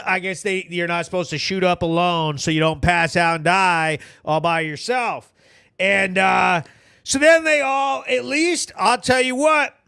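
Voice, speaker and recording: A man with a New England accent hosting a live stream, ranting loudly and profanely, mocking people and acting out what they said. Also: sits high, creaky, clear, resonant tone, no room sound, studio quality. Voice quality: loud, profane, mocking and theatrical. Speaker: livestream host.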